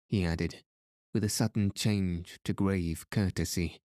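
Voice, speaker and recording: A man narrating a book chapter in a measured, even reading. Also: low voice, dry recording, clean studio sound. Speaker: audiobook narrator. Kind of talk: scripted narration.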